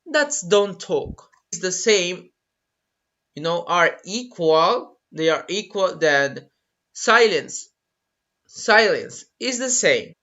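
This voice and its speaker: An English teacher with a Spanish accent, a native Spanish speaker, slowly drilling pronunciation in an online lesson. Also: mid-range voice, expressive, pushed and bright. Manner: slow, repetitive drilling of pronunciation. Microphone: computer mic on a video call. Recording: dull lo-fi webinar audio.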